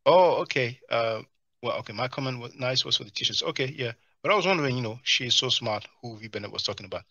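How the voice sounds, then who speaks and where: A man's voice: mid-range voice, fast talker, no echo, muffled recording. A man hosting a live stream, reading chat and mocking the video clips he plays. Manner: mocking, animated, answers chat comments.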